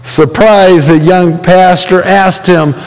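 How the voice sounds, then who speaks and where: A man's voice: sits high, fairly even intonation, slow pace, big-room sound, faint music behind. A man preaching a sermon as pastor, telling stories conversationally with frequent fillers and acting out the voices he quotes.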